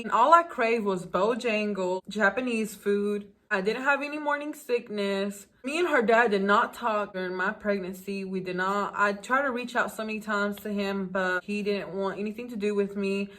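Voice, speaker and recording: A woman's voice: medium pitch, a bit bright. Emotional young woman telling her story. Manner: emotional, talks straight to viewers. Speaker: vlogger. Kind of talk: casual storytime.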